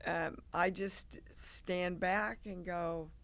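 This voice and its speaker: A woman, a guest on an interview show, telling stories in an animated way and acting out the people in them. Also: lowish voice, very slow. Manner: animated, acts out quoted people. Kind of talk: casual interview storytelling.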